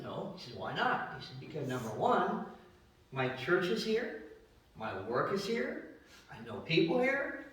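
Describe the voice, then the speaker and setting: A man's voice: a little high, fairly bright tone. A man giving a memorial eulogy, telling rambling family anecdotes and acting out the voices he quotes. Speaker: eulogy speaker. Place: memorial service hall. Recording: very echoey hall, distant from mic.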